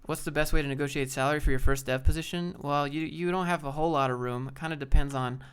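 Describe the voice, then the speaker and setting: A man's voice: a little high, steady tone, quick pace, fairly bright tone, clear, resonant tone. A man on a live stream, casually reading chat and giving laid-back, rambling career advice. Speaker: streamer answering viewer chat.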